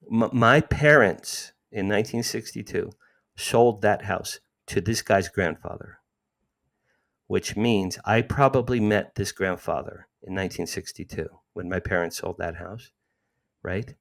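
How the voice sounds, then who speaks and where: A man's voice: fairly low pitch, a bit bright. A man in his sixties, emotionally retelling a personal story as an interview guest, with frequent restarts. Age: 60s.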